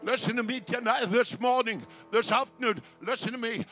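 A man pastor preaching a fiery revival sermon from South Africa, shouting praise and speaking in tongues. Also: very high-pitched, normal speed, few pauses, soft background music. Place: outdoor city square service.

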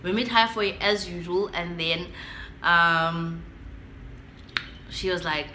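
This is a young woman with a South African accent, talking casually to her camera at home. Her voice sounds bright and forward. She tells a story in an animated way, slipping between English and isiXhosa, while a faint background hum sits under the recording. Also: lowish voice, takes it slowly, long pauses, echoey room. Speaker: vlogger.

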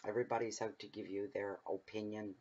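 A man's voice: on the low side, little pitch movement, quick pace, a little mellow, slightly rough, highs cut off. A man giving a casual tarot reading at home, talking in a rambling, chatty way that drifts into personal stories. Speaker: tarot reader. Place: home room at night, windows open.

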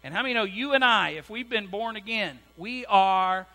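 With soft music in the background, a man preaches a sermon as pastor in a high voice at normal speed. His preaching is lively, and he keeps asking the congregation "right?" The church sanctuary adds a hum and long reverb.

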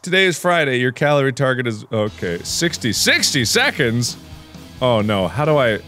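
A young man playing a game on camera, laughing often and shouting excitedly at what happens on screen. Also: medium pitch, normal speed, soft background music. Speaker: gaming host. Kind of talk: let's play commentary.

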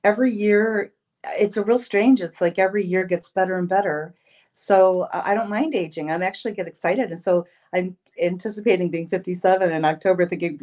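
A woman's voice: medium pitch, a little fast. Woman in her fifties telling stories. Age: 50s. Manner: storytelling, expressive, with restarts. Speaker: podcast guest. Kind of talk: casual interview chat.

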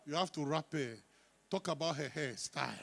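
Pastor guy, pretty high voice, reads scripture loud then drops to soft teasing asides with the church. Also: moderate pace, gravelly. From Ghana. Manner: teasing, coaxing the congregation, swinging between soft asides and loud emphatic reading. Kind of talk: sermon with congregational call-and-response. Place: church sanctuary.

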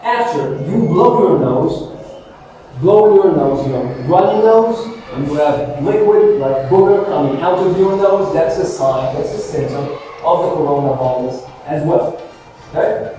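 A man's voice: a little high, expressive, measured pace, dark tone. A male teacher giving a classroom lesson, patiently quizzing students and repeating their answers. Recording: echoey classroom from far off, faint music.

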